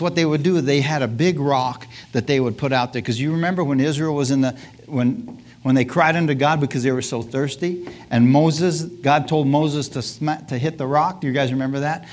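A man preaching a sermon to a congregation, often calling out hallelujah and amen, asking his listeners questions and laughing as he goes. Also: fairly high pitch. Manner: call-and-response asides, frequent hallelujahs and laughs; acts out scripture scenes in lively voices.

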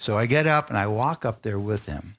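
A man's voice: fairly low pitch, brisk, a bit bright. A middle-aged man preaching, telling his own story and acting out the voices, calling on the crowd for amens. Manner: storytelling, acts out dialogue, asks the crowd for amens. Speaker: preacher giving testimony. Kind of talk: sermon testimony.

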